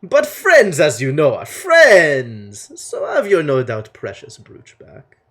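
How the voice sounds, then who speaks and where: A man voicing a charming, flirtatious male trader with a grand, drawn-out delivery, reading game dialogue aloud. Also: on the high side, wildly swooping pitch, fairly bright tone, heavily acted. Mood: grandly flirtatious.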